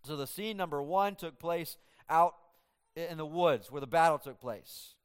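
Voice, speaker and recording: A man preaching through a scripture passage in a slightly higher voice with a smooth, resonant tone. He is animated and acts out the characters' dialogue in shifting voices as he teaches. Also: moderate pace. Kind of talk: expository sermon.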